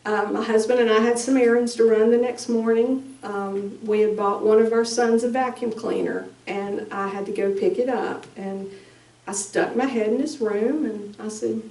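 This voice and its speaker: A middle-aged woman giving a halting, emotional personal testimony as a bereaved mother at a conference. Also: on the high side, steady tone, warm tone. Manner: slow, halting, emotional storytelling. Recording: echoey room, distant mic.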